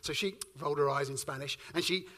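A man from the UK preaching a sermon, telling a personal story in an animated way and acting out the dialogue. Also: fairly high pitch, fast, noisy background. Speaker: pastor.

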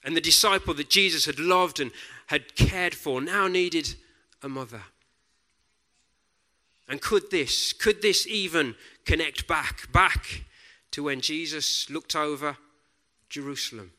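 A man preaching a sermon in a deliberate, reflective way, often dropping to a soft hush on key words. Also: a little high.

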